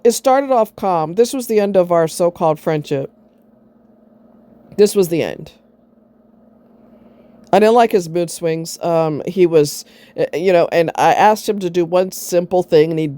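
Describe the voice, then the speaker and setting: A woman's voice: lowish voice, dark tone. A middle-aged woman vlogging, telling a personal story in a blunt, sarcastic way and swearing freely.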